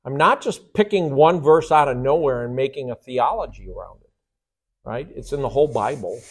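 A man's voice: mid-range voice, expressive, normal speed, slightly rough. A man teaching a Bible study lesson in an emphatic, conversational way, often checking in with rhetorical questions and taking questions from the class.

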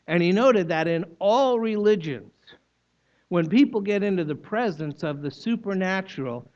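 A man's voice: fairly high pitch, a little mellow. A man preaching a sermon, explaining scripture in a teaching manner with emphatic repetition. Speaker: pastor. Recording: dull lo-fi recording.

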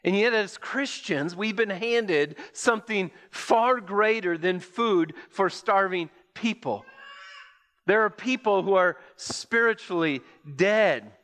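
A man preaching a sermon, telling an imagined story slowly and deliberately, with pauses. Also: sits high, lively intonation, a bit bright. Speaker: pastor. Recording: long hall reverb.

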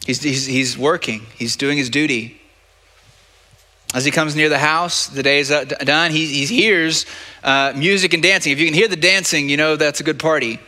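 A man's voice: on the high side, moderate pace, pushed and bright. A male pastor preaching a sermon in a conversational way, often stumbling and repeating words. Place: church sanctuary. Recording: long reverb of a church hall.

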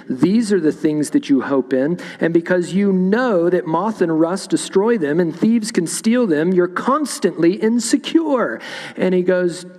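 A man's voice: fairly high pitch, mellow, long reverb tail. A man preaching a sermon in a church, reading scripture aloud and explaining it verse by verse. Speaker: pastor. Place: church sanctuary.

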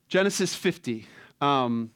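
A man's voice: mid-range voice, expressive, measured pace, fairly bright tone, clear, resonant tone. A man preaching a sermon from the pulpit in a casual, conversational way, asking his congregation rhetorical questions. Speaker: pastor.

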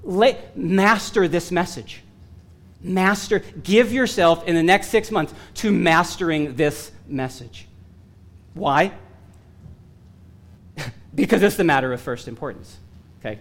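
A man delivering a sermon in a voice pitched a little above the usual for men. He presses his points earnestly and with rising emphasis, slipping in bits of wry humor, and his voice is wearing hoarse. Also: lively intonation, unhurried, pauses often, a bit bright. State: losing his voice. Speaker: preacher.

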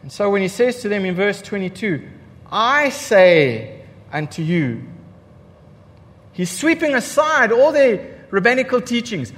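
A male pastor preaching with a high, very animated voice that climbs and drops sharply for emphasis. He repeats his key lines and throws rhetorical questions at the congregation, and the sound carries a long reverb from a church hall. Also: normal speed, hardly any pauses. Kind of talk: sermon.

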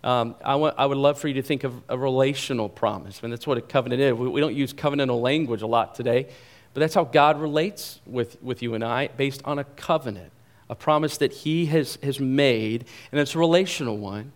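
A man preaching a sermon in a conversational, animated way, often repeating phrases for emphasis. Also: medium pitch, a little fast. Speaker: pastor.

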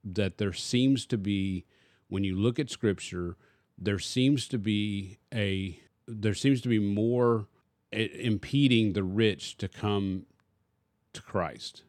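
Low-voiced pastor in casual discussion. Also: male voice, slow, darkish tone, no room sound, clean studio sound. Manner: conversational teaching with rhetorical questions.

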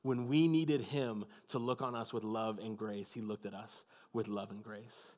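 A pastor giving a sermon, telling the story with dramatic pauses and dropping to a hushed, soft voice. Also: male voice, fairly low pitch, steady tone, long reverb tail.

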